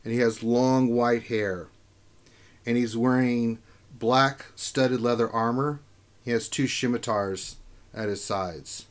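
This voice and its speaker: A man's voice: mid-range voice, steady tone. Casual young male game master. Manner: casual, halting with fillers. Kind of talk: narrating a tabletop game.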